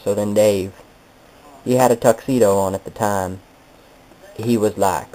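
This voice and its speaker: A man's voice: lowish voice, fairly even intonation, unhurried, long pauses, warm tone, slight background noise, poor audio. A man telling a rambling comedic monologue, meandering and correcting himself in a mock-nostalgic way. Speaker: comedic storyteller.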